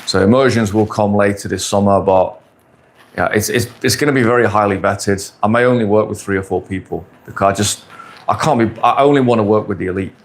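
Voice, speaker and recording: A man in his forties with a fairly low voice, talking bluntly and crudely on a casual live stream. He speaks with brash confidence and drives his points home by saying them again and again. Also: brisk. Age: 40s. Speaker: dating coach streamer. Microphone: phone or camera on a stand.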